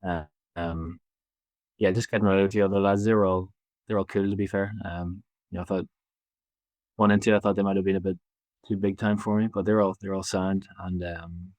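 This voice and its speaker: A man in his twenties with a Belfast accent, talking casually as an interview guest, relaxed and halting with many fillers. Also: low voice, dry recording. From Northern Ireland. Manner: easygoing, halting, lots of fillers and restarts. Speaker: basketball player guest.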